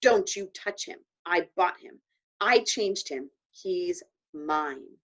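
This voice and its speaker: A woman reading aloud voices a stubborn young boy who yelps and wails in a high, shrill voice. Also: expressive, slow pace, a bit bright, full character voice. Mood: possessive. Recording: dull lo-fi recording.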